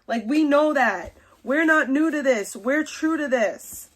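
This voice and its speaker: A woman's voice: sits high, lively intonation, unhurried, fairly bright tone. A young adult woman hosting a livestream, ranting angrily at someone in a profane, scolding way. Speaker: livestream host.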